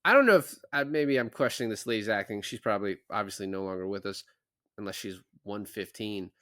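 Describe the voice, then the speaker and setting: A man's voice: on the low side, fairly quick, a bit bright, no echo, studio quality. A man co-hosting a podcast, rambling casually about a movie and laughing often. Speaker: podcast co-host.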